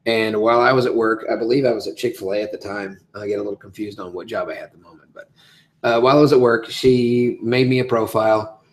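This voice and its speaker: A man, a voice actor hosting a live Q&A, answering comments in a rambling, animated way. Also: fast. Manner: rambling, animated, big swings of pitch and loudness. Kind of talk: casual livestream chat answering comments.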